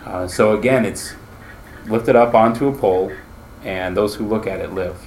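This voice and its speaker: A man's voice: on the low side, moderate pace, a little mellow, slight background noise. A man teaching a Bible class in a conversational way, asking his listeners questions as he explains.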